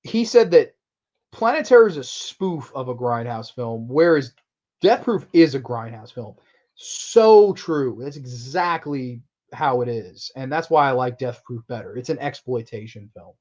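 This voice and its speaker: A man hosting a casual horror movie review, excitable and profane, often laughing. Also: medium pitch, measured pace. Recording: muffled lo-fi recording.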